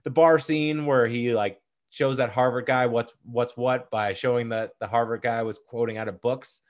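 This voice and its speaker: A man's voice: medium pitch, steady tone, moderate pace. A young man talking casually and enthusiastically about movies, rambling and swearing freely. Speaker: podcaster ranking movies.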